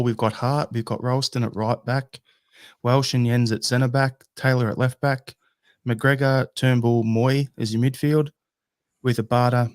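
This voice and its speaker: A man's voice: mid-range voice, clean tone, dry recording, studio quality. An Australian man hosting a casual fan podcast over a video call, easygoing and a little hesitant. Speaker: podcast host.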